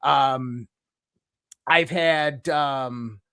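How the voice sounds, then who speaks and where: A young adult man, a podcast guest, telling personal stories in a casual, animated way, imitating sounds and restarting his sentences often. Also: medium pitch, extremely slow, smooth, no echo, studio quality. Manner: animated storyteller who imitates sounds, with frequent restarts and fillers. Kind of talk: casual conversational storytelling.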